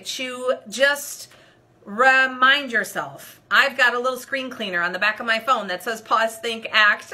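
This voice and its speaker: A woman coach telling a personal story straight to her viewers, animated and expressive, speaking to them directly. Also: mid-range voice. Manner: addresses viewers directly as "you guys". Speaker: leadership coach. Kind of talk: personal story told to camera.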